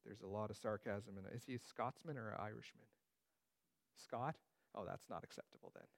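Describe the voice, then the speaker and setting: A man's voice: lowish voice, fairly quick, vocal fry. A man teaching through a Bible passage in a conversational way, with joking asides.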